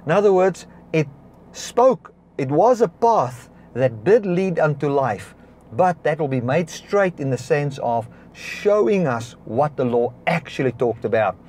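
A man preaching a sermon, stopping now and then to correct himself and clear his throat. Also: on the high side, lively intonation, measured pace, slight background noise. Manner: preaching with swings between soft and raised passages. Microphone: device recording a broadcast, battery powered.

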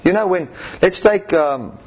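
Male preacher, animated sermon, husky voice, dull lo-fi sound. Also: high voice, measured pace. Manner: emphatic, repetitive exclamations of hallelujah and amen. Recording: muffled lo-fi recording.

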